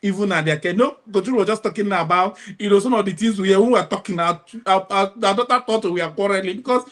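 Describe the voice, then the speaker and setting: A woman's voice: mid-range voice, quick pace. Lady coach telling parenting stories, laughs a lot, does everyone's voices. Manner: laughs often, acts out other people's voices. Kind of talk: animated storytelling.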